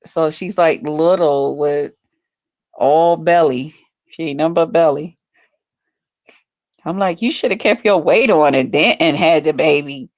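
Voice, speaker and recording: A woman's voice: deep voice, measured pace, pauses often, no echo. A woman chatting casually to her viewers on a phone livestream from home, rambling and swearing freely. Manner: rambling, profane, talks straight to viewers.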